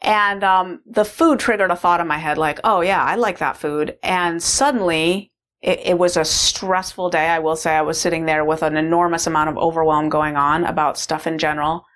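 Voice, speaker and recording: A woman's voice: low-pitched, fairly even intonation, normal speed, fairly bright tone. A woman sharing a candid, reflective personal story as a course participant, with frequent fillers. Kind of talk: personal testimonial talk.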